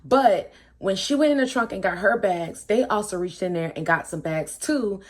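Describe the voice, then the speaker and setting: Exasperated young woman telling a story. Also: moderate pace. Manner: animated, exasperated, acts out quotes with swings in pitch. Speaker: storytime vlogger. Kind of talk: casual storytelling to camera.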